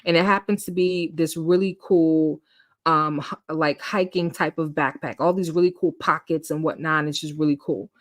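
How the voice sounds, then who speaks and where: A woman telling a personal story in casual chat, animated, acting out quotes and laughing often. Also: sits low, normal speed, dry recording, studio quality. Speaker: storytime host.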